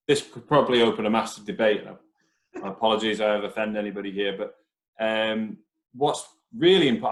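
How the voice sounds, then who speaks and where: A man co-hosting a podcast, thinking aloud in a rambling way with restarts and asides. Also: fairly low pitch. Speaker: podcast co-host, teacher. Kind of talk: casual podcast discussion. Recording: echoey room.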